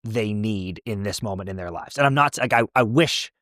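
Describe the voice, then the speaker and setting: A man co-hosting a podcast in casual chat, excitable and swearing, acting out quotes. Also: fairly low pitch, moderate pace, no echo, clean studio sound. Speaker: podcast co-host.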